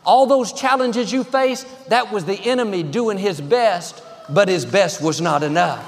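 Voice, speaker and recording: Pastor, man, high voice, upbeat sermon cadence, reverberant hall. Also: a little slow. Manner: encouraging, declarative preaching in short rhythmic phrases.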